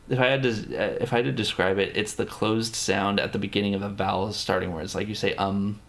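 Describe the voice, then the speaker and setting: A man's voice: lowish voice, normal speed, creaky, fairly bright tone. A man hosting a casual livestream. He talks with viewers in a rambling, profane way, full of fillers and restarts, and playfully tries out foreign words. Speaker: livestream host.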